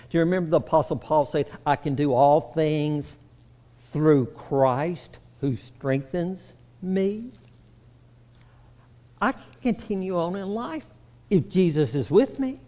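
Guy preaching a sermon, kinda high voice, takes his time, lots of hall echo. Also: takes it slowly. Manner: swings between raised emphatic lines and hushed low passages. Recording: long reverb of a hall.

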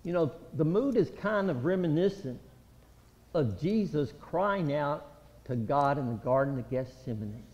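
A man preaching an impassioned, pleading sermon, with a high voice and slow, deliberate delivery. He swings between loud outcries and hushed, low passages. The sound is dull and lo-fi, with long reverb from a church hall. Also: lively intonation.

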